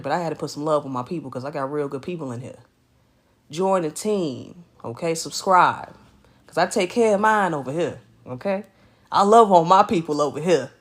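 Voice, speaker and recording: A woman streaming live from her bed at home, greeting viewers by name in animated, slangy casual chat. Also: mid-range voice.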